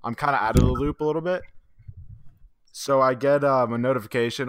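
A man's voice: medium pitch, fairly quick, pauses often, a bit bright, clean tone, dry recording, studio quality. A man co-hosting a casual sports podcast, telling stories in a laid-back, chatty way with casual swearing. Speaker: podcast co-host.

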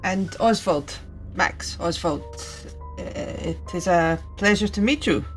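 Slow-spoken woman playing a tabletop game. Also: on the low side, faint music behind. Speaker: player. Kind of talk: in-character tabletop play.

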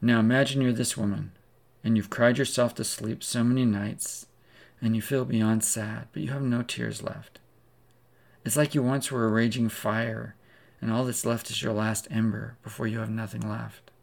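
A man delivers a sermon with a gravelly, fry-tinged voice at an ordinary male pitch. He tells the story dramatically, drawing the listener in as "you." His manner is that of a preacher painting a scene. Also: level tone, moderate pace. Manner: dramatic second-person storytelling.

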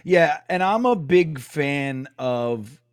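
A man's voice: a little high, lively intonation, takes it slowly, smooth, no echo, studio quality. A man co-hosting a casual sports talk show, speaking bluntly and swearing now and then. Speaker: co-host.

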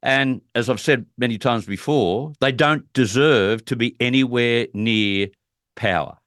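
A man's voice: medium pitch, measured pace, fairly bright tone, dry recording, clean studio sound. A man hosting political talk radio, speaking emphatically and indignantly. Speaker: radio talk show host.

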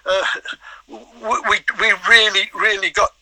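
An older man, a former footballer, telling animated anecdotes in an interview, stumbling over repeated words. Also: high voice, measured pace, dry recording, rough recording. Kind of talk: storytelling interview.

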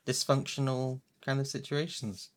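A woman's voice: rumbling low, steady tone, moderate pace. Woman co-hosting a podcast, rambly and self-deprecating, keeps going off topic. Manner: rambling, self-mocking, prone to tangents. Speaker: podcast co-host. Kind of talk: casual chat.

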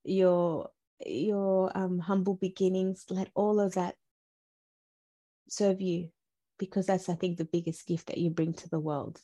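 A woman from Latin America, a podcast guest, chatting in an animated way with many fillers and restarts. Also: lowish voice, measured pace. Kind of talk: casual interview chat.

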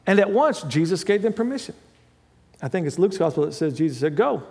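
A man preaching a sermon as pastor, talking through a scripture passage in a conversational way, with asides and quick self-corrections. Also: sits high, big pitch swings, a little mellow, big-room sound.

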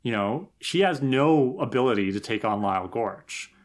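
A man co-hosting a podcast, analysing a TV episode in relaxed chat, thinking aloud with frequent "like" and "right?". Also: mid-range voice, normal speed. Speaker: podcast co-host.

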